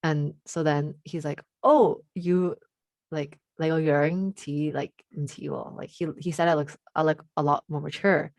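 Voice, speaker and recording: A teenage girl with a deep voice, chatting casually as a podcast co-host and telling a story, full of fillers and switching into Cantonese now and then. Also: steady tone, normal speed, a little mellow, no room sound. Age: teens. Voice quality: deep voice for a woman.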